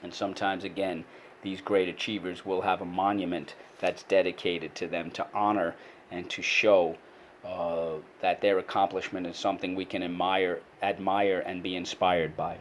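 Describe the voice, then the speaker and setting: A man's voice: sits low, steady tone, moderate pace, darkish tone, a little hiss or hum. A man teaching a vocabulary lesson to kids, explaining word meanings and leading call-and-response drills. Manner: explains with many fillers and restarts.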